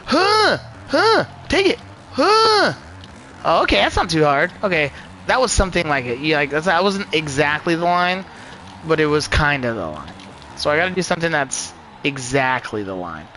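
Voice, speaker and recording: Excitable, profane male game streamer. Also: on the high side, brisk, a little hiss or hum, poor audio. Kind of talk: live gameplay commentary.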